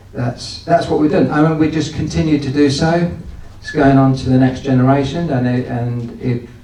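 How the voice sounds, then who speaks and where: A man's voice: medium pitch, dark tone. A man giving a folksy, anecdotal business talk to an audience, with frequent restarts. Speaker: guest speaker. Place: event hall. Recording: echoey hall, distant from the mic.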